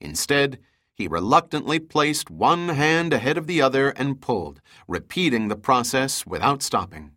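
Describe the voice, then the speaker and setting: A man reading an adventure audiobook aloud in a steady, measured narration. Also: medium pitch.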